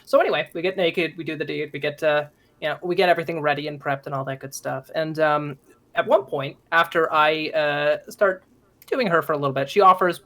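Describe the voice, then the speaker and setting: A man's voice: fairly high pitch, fairly even intonation, brisk, fairly bright tone. A young man from Minnesota with a light Minnesotan accent, casually telling a profane, joking story in a chat. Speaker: guest.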